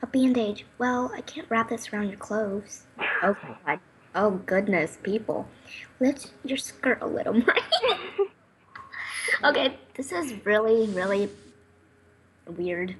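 A woman's voice: medium pitch, slow, long pauses, slight background noise. A young woman playing through a game while chatting casually, reading its text aloud, reacting emotionally and laughing at her own slips. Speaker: let's play player. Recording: game music behind the voice.

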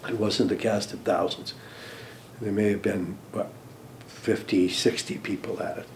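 An older American man, a former diplomat, recalling events in an interview, hesitant with many ums and restarts, trailing off softly at phrase ends. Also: lowish voice, steady tone, unhurried, very noisy. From United States. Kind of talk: interview recollection.

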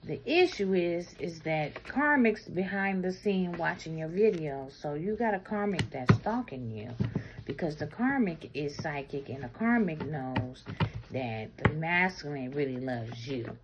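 A woman giving a casual tarot reading, talking bluntly and explicitly, swinging between loud bursts and low murmurs. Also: expressive, a little slow, very noisy. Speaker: tarot reader.

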